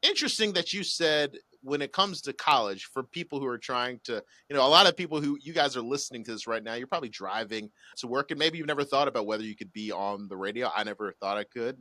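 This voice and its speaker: A man co-hosting a podcast in a casual chat, joking and animated as he tells stories. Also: medium pitch, fast talker, hardly any pauses, dry recording. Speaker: podcast co-host.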